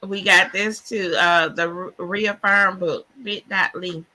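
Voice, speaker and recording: A woman hosting a podcast live online, talking in an excited, churchy, casual way, often laughing and saying y'all. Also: lowish voice, unhurried. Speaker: podcast host. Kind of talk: casual live-stream chat.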